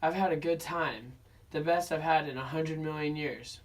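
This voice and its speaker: A friendly, gentle old dinosaur who speaks politely and without hurry, as a young man reads him aloud. The voice sits a little high for a man and comes from across a classroom, caught by a far-off camera mic. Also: lightly acted. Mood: kindly. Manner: polite, kindly and unhurried.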